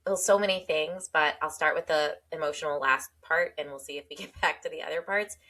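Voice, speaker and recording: A woman's voice: sits low, brisk, noisy background. A woman hosting a podcast interview who talks to her guest in an effusive, enthusiastic way. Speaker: podcast host.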